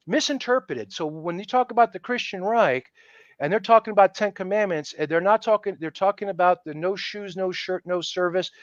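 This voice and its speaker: A man with a high-pitched voice talks as a guest in a casual interview. He is emphatic and animated, and he slips into the voices of the people he quotes. The sound is dry and slightly dull, like a lo-fi recording. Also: no echo. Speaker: podcast guest.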